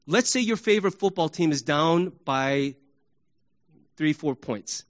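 A male pastor delivers an animated sermon, his voice sitting high. He acts out crowd shouts and sports examples. The recording sounds muffled and lo-fi.

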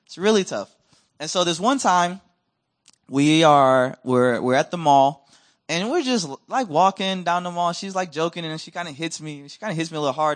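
A man preaching a sermon as a missionary, telling stories in a lively conversational way and acting out what others said. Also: a little high, moderate pace. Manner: animated, acts out quoted voices, conversational. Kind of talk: storytelling sermon. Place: church.

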